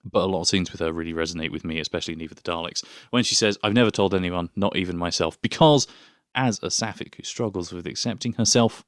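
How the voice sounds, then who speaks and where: A man's voice: low-pitched, fast talker, no room sound, studio quality. A young man co-hosting a podcast, chatting casually and reading passages aloud, with frequent laughter. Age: young adult. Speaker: podcast co-host.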